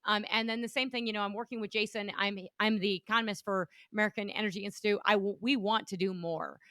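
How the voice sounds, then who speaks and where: Fast, forceful woman podcast host. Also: mid-range voice, fairly even intonation, no room sound, studio quality. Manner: fast, emphatic, opinionated, with many restarts. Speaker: podcast host and energy economist. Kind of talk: casual political podcast chat.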